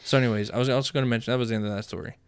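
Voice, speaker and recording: A man's voice: mid-range voice, steady tone, racing, clean tone. A man co-hosting a podcast in loose, profane casual chat, rambling with restarts. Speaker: podcast co-host.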